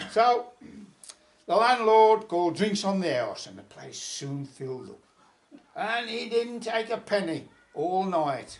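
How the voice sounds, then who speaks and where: A man's voice: sits high, slow pace, gravelly. A man telling a folk tale aloud at a folk club, in a chatty manner with asides. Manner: chatty, lively storytelling with asides.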